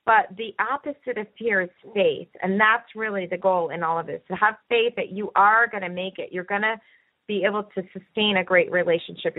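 Encouraging woman host over a tinny phone line. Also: on the low side. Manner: earnest, encouraging, talks at length. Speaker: podcast host and coach. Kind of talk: conversational podcast discussion.

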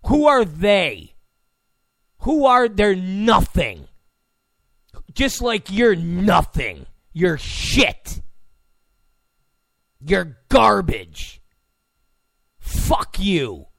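Brief: male podcast host ranting, high voice with a gravelly edge, slow deliberate pacing, profane and mocking. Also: huge pitch swings, a bit bright, dry recording. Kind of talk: ranting monologue.

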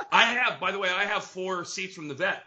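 Bright-voiced, blunt joking man. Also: high-pitched, wildly swooping pitch, moderate pace, dull audio. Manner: blunt, joking, swears freely. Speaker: guest, retired pitcher. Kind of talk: casual interview chat.

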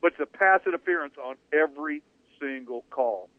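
A man's voice: on the high side, normal speed, no room sound. A man hosting a sports talk radio show, talking emphatically and at length, restarting phrases as he builds his points. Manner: emphatic, opinionated, rambling with restarts. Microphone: studio radio mic. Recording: dry phone-like radio audio.

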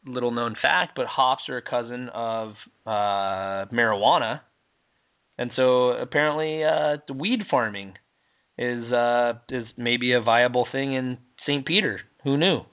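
A man's voice: mid-range voice, a little slow. A man co-hosting a radio show about dating, chatting in a laid-back, slangy, rambling way. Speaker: radio co-host. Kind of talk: casual chat. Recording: phone-like narrow sound.

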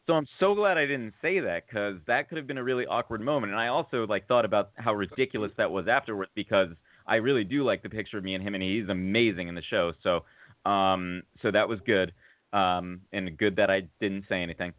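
A man on a podcast telling a long casual story, full of fillers and restarts, getting excited at the funny parts. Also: on the low side, fairly quick, no echo. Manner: rambling, filler-heavy, rises to excited laughter at funny moments. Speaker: podcast co-host. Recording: tinny phone-like audio.

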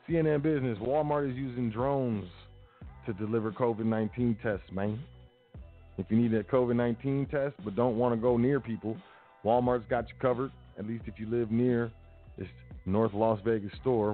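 A man hosting a casual talk show, reading news aloud and commenting with sarcasm and loose slang. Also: medium pitch. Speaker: podcast host. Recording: tinny phone-like line.

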